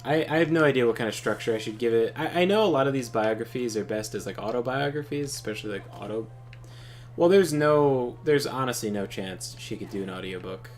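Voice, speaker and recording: A man's voice: mid-range voice, a little fast. A man chatting casually while playing a game, rambling with frequent restarts and laughter. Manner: rambling, lots of fillers and restarts, laughs often. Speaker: let's play host. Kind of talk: casual chat over gameplay.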